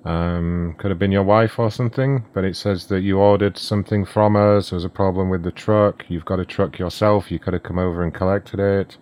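A man's voice: low-pitched, fairly even intonation, brisk, few pauses, a little mellow. A man hosting a prank call show, who plays a polite company caller and mutters profane, sarcastic insults between calls.

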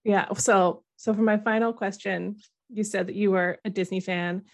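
A woman's voice: medium pitch, fairly even intonation, normal speed. Chatty enthusiastic woman host. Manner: chatty and enthusiastic, many fillers. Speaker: podcast host. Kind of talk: casual interview chat.

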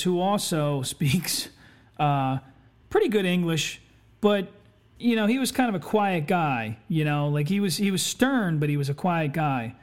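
A man hosting a podcast, telling a story in a laid-back, chatty way, swearing constantly and saying "you know" a lot. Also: a little high. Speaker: podcast host. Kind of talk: casual storytelling.

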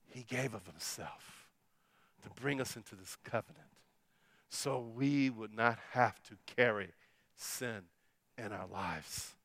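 A middle-aged pastor tells a story during his sermon, his voice shifting between hushed, quiet passages and loud, emphatic ones. His voice sits on the low side, and the recording has no echo.

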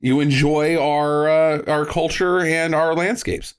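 A man voicing a slow-witted male nightclub bouncer who repeats himself and talks in an overly polite way. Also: a little high, fairly even intonation, smooth. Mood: mock polite.

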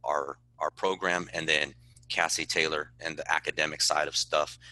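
A man's voice: very deep voice, fairly even intonation, moderate pace, sharp tone, dry recording. A man who is a football head coach, answering in a podcast interview in an earnest, passionate way and repeating words when he stresses a point.

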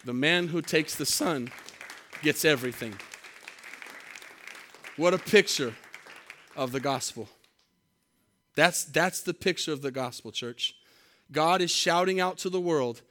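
Pastor delivering a story sermon; a man with a somewhat high voice, dramatic and dynamic. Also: a little slow, long pauses, some chatter behind. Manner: dramatic, swinging between soft and loud, with restarts.

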